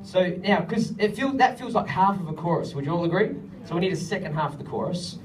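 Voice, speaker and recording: A man's voice: sits high, animated, fast talker, soft background music. A man leading a songwriting workshop, joking with the group and singing lines to show the melody. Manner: joking, often sings lines to demonstrate. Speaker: music director teaching songwriting. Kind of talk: workshop teaching with sung examples. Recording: far from the mic with faint ambience.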